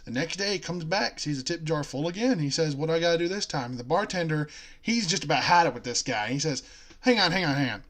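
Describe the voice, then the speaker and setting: Joking young man, higher voice. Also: expressive, fast, fairly bright tone. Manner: laughs often, tells long jokes with voiced characters. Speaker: co-host. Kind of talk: casual chat, telling jokes.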